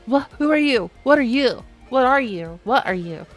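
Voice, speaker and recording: Dude doing a confused robot hero, short wary questions, a bit low. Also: male voice, expressive, moderate pace, a bit bright, soft background music.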